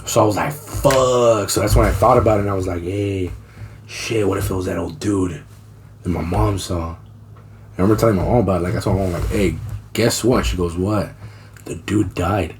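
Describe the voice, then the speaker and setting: A man's voice: deep voice, fairly even intonation, a little fast, slight background noise. A young man co-hosting a podcast, telling a story in casual, slangy, profane talk. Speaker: podcast co-host.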